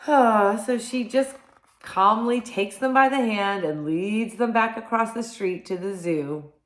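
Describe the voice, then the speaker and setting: A woman teacher reading picture books aloud to young children, animated and gentle, often asking them questions. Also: mid-range voice, measured pace. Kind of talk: children's storybook read-aloud. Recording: echoey room.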